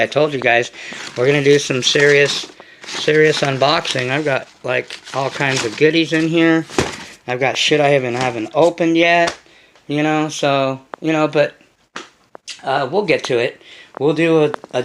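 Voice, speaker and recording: Man, gravelly voice, blunt casual vlog rant, swears a lot, lots of fillers and restarts. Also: mid-range voice, fairly bright tone. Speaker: RC car channel host.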